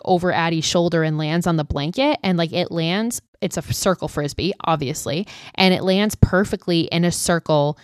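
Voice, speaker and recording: A young woman with a low, smooth, resonant voice talks through a film scene by scene. She keeps it loose and chatty, dropping filler words and casual swears. The sound is dry and close. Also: no room sound. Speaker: podcast host.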